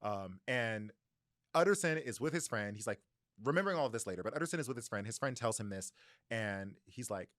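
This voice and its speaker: A young man co-hosting a book podcast, retelling a story in a lively, chatty way with quick asides and little voices for the people in it. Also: lowish voice, no echo, clean studio sound. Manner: animated storytelling with voices and laughs. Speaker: podcast co-host. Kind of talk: casual book-club chat.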